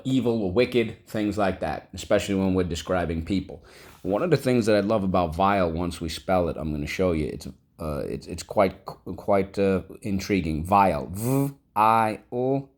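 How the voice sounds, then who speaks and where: Male teacher, deep voice, unhurried classroom vocabulary drills. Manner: drawn-out, syllable-by-syllable word drills. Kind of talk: vocabulary lesson for children.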